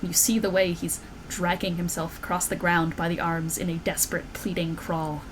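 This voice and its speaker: A woman running a tabletop game as dungeon master, narrating scenes slowly and intensely. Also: on the low side, little pitch movement, a little hiss or hum, poor audio. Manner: slow, intense descriptive narration. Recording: faint background music.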